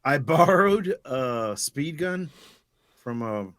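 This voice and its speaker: A man tells a funny anecdote at an unhurried pace with lively pitch and a bright tone. The recording is dry and close. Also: no room sound. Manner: slow, laughing anecdotes. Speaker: podcast co-host. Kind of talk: casual comedy chat.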